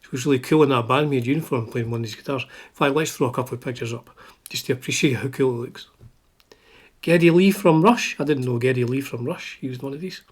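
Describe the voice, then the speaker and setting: Husky Scottish man, wry chatty asides. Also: mid-range voice, fast. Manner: wry, chatty, drops to asides under his breath. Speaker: guitar channel host. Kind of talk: casual chat.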